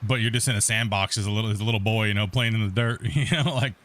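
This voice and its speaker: A man's voice: on the low side, fairly even intonation, fast, fairly bright tone. Middle-aged guy streaming a game, casual rambly chat, keeps restarting his sentences. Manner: rambling, laid-back, frequent restarts. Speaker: let's play host. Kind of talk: casual gameplay commentary.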